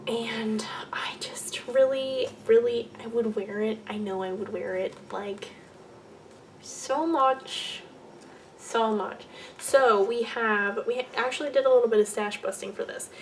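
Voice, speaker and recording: A young woman chats through a casual knitting podcast, rambling and correcting herself as she drifts into soft muttered asides. Her voice sits a little high and sounds a bit off the mic, with a faint hiss of room noise behind it. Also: a little slow, distant mic. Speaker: podcast host.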